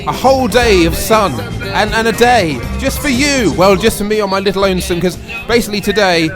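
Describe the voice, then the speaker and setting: A man hosting a local radio show, bantering in quick, silly, self-mocking jokes. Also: sits high, over music. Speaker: radio host. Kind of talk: jokey improvised radio chat.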